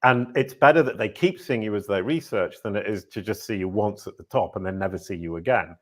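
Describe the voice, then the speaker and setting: A man hosting a podcast interview, talking in long energetic explanatory runs. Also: fairly low pitch, a little fast. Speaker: podcast host. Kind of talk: conversational interview.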